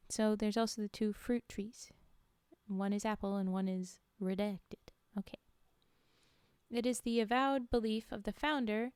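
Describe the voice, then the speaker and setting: A woman's voice: on the high side, smooth, dry recording. Young woman, live stream storyteller, chatty, giggly, dry close sound. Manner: chatty, giggly, animated asides. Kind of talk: reading spooky stories aloud on a live stream, chatting with viewers.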